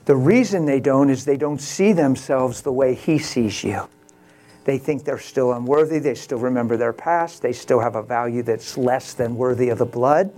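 A man's voice: mid-range voice, normal speed. Passionate male pastor preaching. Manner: storytelling, swings from quiet to loud exclamations. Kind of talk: sermon.

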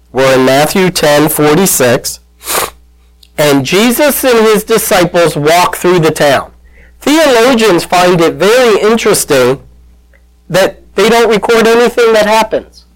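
A man's voice: fairly high pitch, poor audio. A man preaching a sermon as pastor, retelling a story and acting out the voices in it. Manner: storytelling, acts out quoted voices, calls out to listeners.

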